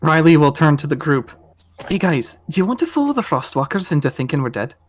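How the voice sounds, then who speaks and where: A tabletop player who speaks in a mid-range voice with a relaxed, joking manner. The delivery is casual and even. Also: medium pitch, fairly quick.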